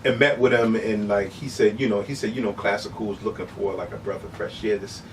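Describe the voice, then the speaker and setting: Middle-aged guy telling stories in a laid-back interview, lively, keeps saying you know what i'm saying, mic a bit far, faint room hum. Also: fairly low pitch, fairly quick. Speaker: human beatboxer, interview guest. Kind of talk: casual interview storytelling.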